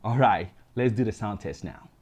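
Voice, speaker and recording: A man's voice: fairly low pitch, normal speed, a little mellow. A man with a Ghanaian accent hosting a casual, chatty product review vlog with slangy asides, speaking into a desk condenser mic. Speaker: tech reviewer host. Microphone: desk condenser mic with pop filter.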